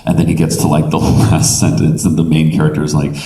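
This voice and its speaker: A man speaking on a convention panel, a lively storyteller who laughs while he talks. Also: very deep voice, fast. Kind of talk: animated panel talk. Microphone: audience camera from far off. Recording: echoey hall from far off.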